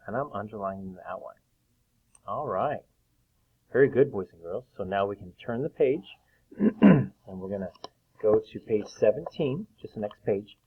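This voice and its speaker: A man teaching a phonics lesson to young children, patiently drawing out each sound and clearing his throat now and then. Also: mid-range voice. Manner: slow, patient, drawn-out sounds. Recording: tinny phone-like recording.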